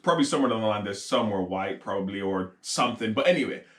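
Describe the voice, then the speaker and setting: A man's voice: lowish voice, expressive, racing, a bit bright. A man co-hosting a podcast in a casual chat, rambling and laughing often as he acts out what people said. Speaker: podcast co-host. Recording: roomy echo.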